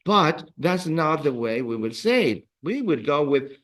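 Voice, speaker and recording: A man's voice: a little high, very animated, a little slow, fairly bright tone. A man teaching a beginner Spanish class, patiently repeating words for drills and encouraging his students. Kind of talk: classroom language lesson.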